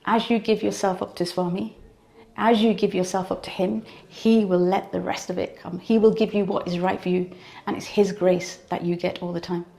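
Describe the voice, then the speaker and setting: A woman's voice: on the low side, little pitch movement, moderate pace, creaky, warm tone. A woman giving an earnest personal devotional testimony, often repeating phrases for emphasis. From United Kingdom.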